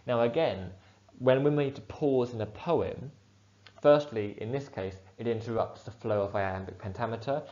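Male teacher, low voice, steady explanatory delivery, dull-sounding recording. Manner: clear, measured explanation with fillers. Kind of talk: poetry analysis lesson.

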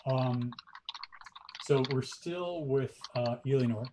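A man narrating as game master of a tabletop game, with hesitant pauses and many fillers. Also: medium pitch, noisy background. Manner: hesitant, many ums and likes.

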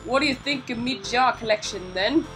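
A woman voicing a smug male ghost who collects jars and taunts the player, in a mock rough accent. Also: fairly high pitch, moderate pace, a bit bright, soft background music, lightly acted, poor audio. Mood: taunting.

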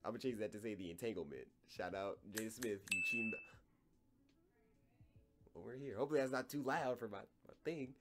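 A man's voice: fairly low pitch, brisk, long pauses, fairly bright tone. A young man chatting casually over a game for his viewers, joking and rambling as he plays. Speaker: gaming YouTuber. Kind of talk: casual gameplay commentary.

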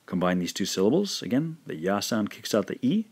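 A man teaching a recorded language lesson, carefully modelling each syllable slowly and repeating it twice. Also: fairly low pitch, very animated, darkish tone, breathy edge.

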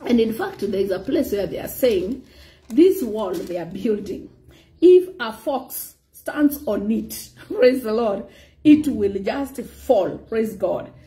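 Woman preacher; high, mellow voice; animated delivery with "praise God" asides. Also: slow pace. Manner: animated preaching, mixing in Swahili phrases and frequent "praise God". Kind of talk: sermon.

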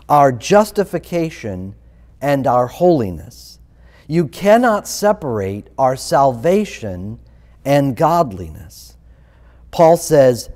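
Slow, emphatic pastor in a reverberant church. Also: male voice, mid-range voice, a little mellow. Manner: emphatic, repeats rhetorical questions. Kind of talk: sermon. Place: church sanctuary. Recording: long reverb of a church hall.

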